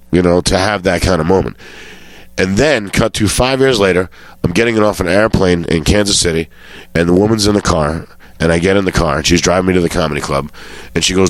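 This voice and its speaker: Low-voiced man telling comic stories. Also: no echo. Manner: swearing storyteller who acts out quotes. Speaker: comedian guest. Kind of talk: casual anecdote telling.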